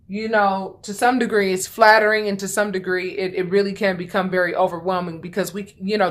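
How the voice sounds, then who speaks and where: A woman giving a casual tarot reading, talking bluntly and chattily, swearing freely and repeating lines for emphasis. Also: lowish voice. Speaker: tarot reader.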